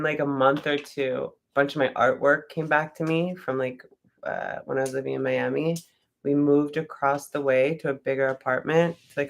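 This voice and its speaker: A woman's voice: very deep voice, a little hiss or hum. A woman casually telling a personal story, rambling with lots of "like" fillers and swearing freely. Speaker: vlogger.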